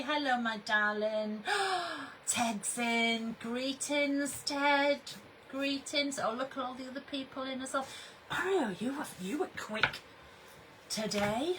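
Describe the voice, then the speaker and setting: Bubbly woman chatting slowly. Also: high-pitched, noisy background. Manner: chatty, bubbly, greets viewers by name. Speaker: craft brand owner hosting a livestream. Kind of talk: casual livestream chat.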